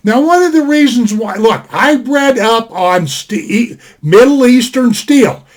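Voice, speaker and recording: Older guy with a really high voice, rambly folksy webcam review at his desk, keeps spelling stuff out. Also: expressive, takes it slowly. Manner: rambling, folksy, repeats himself and spells out words. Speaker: knife reviewer. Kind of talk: casual sit-down review. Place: indoors at a desk.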